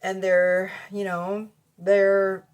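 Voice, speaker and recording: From her cluttered bedroom, a mother gives a casual, blunt and profane tarot reading to camera, laughing often. Her mid-range voice is monotone with drawn-out words and a clean tone, recorded on a camera mic.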